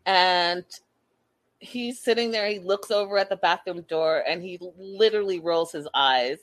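A woman giving a casual, animated recap to her viewers, judgmental and chatty, addressing them directly. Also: lowish voice, unhurried. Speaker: commentator.

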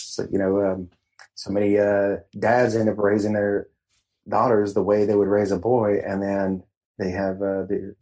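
A man guesting on a casual podcast, talking as a coach in a meandering, halting way. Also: fairly low pitch, darkish tone, poor audio. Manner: meandering, halting, laid-back. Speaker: guest, men's empowerment coach.

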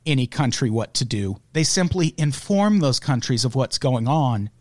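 A man's voice: mid-range voice, lively intonation, moderate pace, darkish tone, no room sound. Sarcastic man riffing on the news. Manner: sarcastic, profane, laughs mid-sentence. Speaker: podcast host. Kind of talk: casual comedic news chat.

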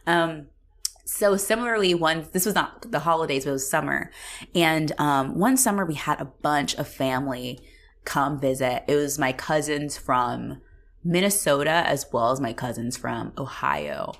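A young woman co-hosting a podcast, chatting casually about a movie, animated, laughing and swearing as she acts out lines. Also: low voice, normal speed. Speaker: podcast co-host.

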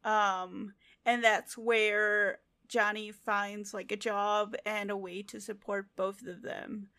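A woman's voice: medium pitch, level tone, slow, sharp tone. An American woman co-hosting a casual book podcast, teasing and joking in banter. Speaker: podcast co-host.

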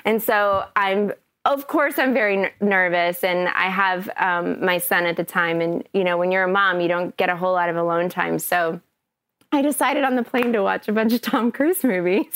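An actress guest telling an animated story in casual podcast chat, with lots of fillers, recorded close and dry. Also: female voice, medium pitch, normal speed, no room sound. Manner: animated, chatty, many fillers.

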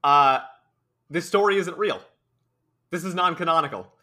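A man co-hosting a podcast, calmly summarizing a cartoon episode with dry teasing. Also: fairly high pitch, normal speed. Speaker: podcast co-host. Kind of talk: casual recap chat.

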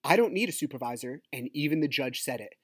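An expressive, fast-talking man with a medium-pitched voice uses his podcast to rant about a custody battle after his divorce, agitated, foul-mouthed, and constantly talking over himself. The studio audio is clean with no room sound.

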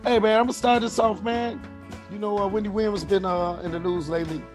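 A man co-hosting a casual podcast, telling stories with animated delivery and laughter. His voice sits a bit high, with music playing clearly underneath. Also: quick pace. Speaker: co-host. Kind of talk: casual chat.

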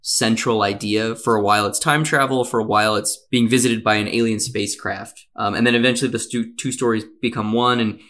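Relaxed male podcast host. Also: fairly low pitch, fairly quick, few pauses. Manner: relaxed, filler-heavy. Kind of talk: casual chat, scripted storytelling.

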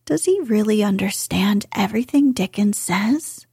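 A woman voicing a sickly but delighted young boy in a storybook, speaking in a soft whisper. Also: medium pitch, expressive, normal speed, gravelly, husky, dry recording, studio quality, full character voice. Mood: wondering.

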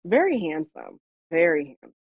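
Gravelly and a bit rough, her low voice moves at normal speed with no echo as she co-hosts a podcast in Las Vegas. She spins a story in easy conversation, laughing frequently and turning animated when repeating her own words. The audio is dry, dull and lo-fi.

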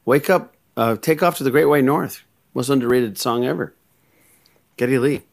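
A man's voice: medium pitch, moderate pace, vocal fry. A man co-hosting a podcast, joking and swearing freely, laughing often in casual banter. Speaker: podcast co-host.

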